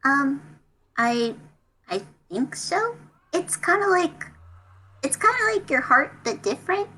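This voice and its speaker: A woman voicing a shy young half-toon in a role-play, talking haltingly with many ums. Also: sits high, sing-song, sharp tone, slight background noise, full character voice, low-quality recording. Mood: curious.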